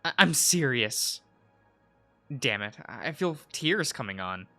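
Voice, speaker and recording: A man's voice: medium pitch, very animated, slow, bright, forceful tone, faint music behind, full character voice. A man voicing an earnest, blunt teenage girl who narrates a visual novel in first person, close to tears. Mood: upset. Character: teenage girl protagonist, blunt, fed up with boys.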